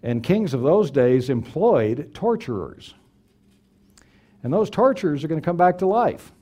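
Middle-aged male preacher, mellow voice, emphatic delivery. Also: a little high, big pitch swings, a little slow, slightly rough, lo-fi sound. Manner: earnest, emphatic, repeats key phrases. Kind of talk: sermon.

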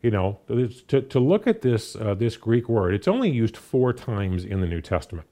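A man's voice: on the low side, moderate pace. A man preaching a sermon, talking through a scripture passage with lots of fillers and restarts. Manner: animated, many fillers and restarts. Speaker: pastor.

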